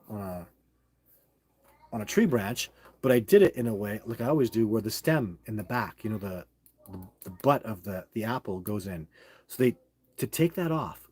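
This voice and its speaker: A man with a husky voice on the low side hosts a live stream, casually rambling as he answers viewers' questions. He often restarts his sentences and gets excited.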